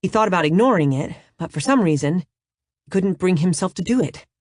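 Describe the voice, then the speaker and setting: A woman narrating a romance audiobook in a steady, even way. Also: lowish voice, fairly quick, no room sound, clean studio sound.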